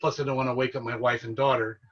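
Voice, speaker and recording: Husky, bright-voiced man telling ghost stories. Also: mid-range voice, quick pace, recorded from a distance, highs cut off. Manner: earnest, excitable storyteller who relives events. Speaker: paranormal investigator guest. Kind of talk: casual storytelling interview.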